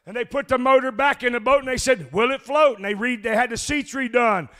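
A man preaching a sermon, telling a long story and then shouting in a rhythmic chant with "uh" before each phrase. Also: very high voice, fairly quick.

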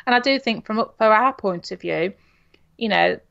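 Heard through dull lo-fi audio, a middle-aged Nottingham woman with an English accent chats casually as a podcast co-host. Her medium-pitched voice is creaky but fairly bright, moving at a moderate pace. She's chatty, often saying "you know" and tacking on tag questions.

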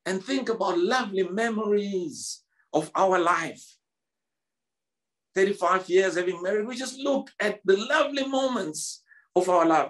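Casting: South African male pastor, 50s, high-pitched, emphatic church sermon with stammered repeats. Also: fairly bright tone. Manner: repetitive, emphatic preaching with stammered restarts.

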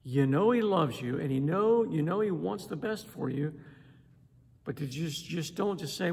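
A man preaching a sermon in an animated way, acting out voices and pausing for emphasis. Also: fairly high pitch, vocal fry, husky. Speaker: pastor. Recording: long hall reverb.

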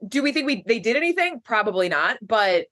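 A woman co-hosting a podcast, chatting in an animated way and laughing easily. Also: a little high, brisk. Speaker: podcast co-host. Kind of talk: casual recap chat.

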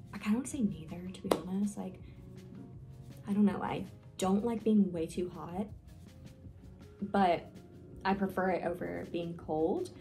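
Over music, a nervous young vlogger with hiccups talks casually for a get-to-know-me video, filling her rambling with fillers and jokes at her own expense. Her fairly low voice holds a steady tone with vocal fry, a little slow and often pausing.

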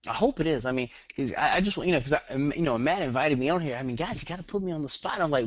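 A middle-aged man with a Southern US accent giving a webinar lesson, talking fast and rambling with jokes. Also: a little high, lively intonation, dry recording. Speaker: guest webinar trainer. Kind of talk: online marketing webinar. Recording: dull lo-fi dry webinar audio.

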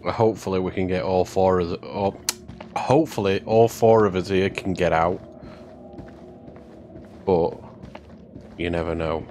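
A man's voice: low-pitched, fairly even intonation, a little slow, pauses often, dark tone, slight background noise. A man giving casual, jokey commentary as he plays through a game. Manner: jokey, chatty asides over gameplay. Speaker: gaming commentator. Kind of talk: casual let's-play commentary. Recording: game music underneath.

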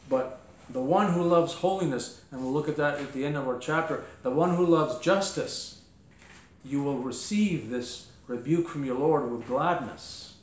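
A man's voice: mid-range voice, reverberant, a little hiss or hum. A man preaching a sermon as pastor, emphatic, firing rhetorical questions and voicing mock objections. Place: church.

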